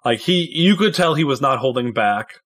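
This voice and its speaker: A man running a tabletop role-playing game as game master, narrating in a casual, relaxed way. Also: medium pitch, normal speed. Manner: casual, laid-back narration with fillers.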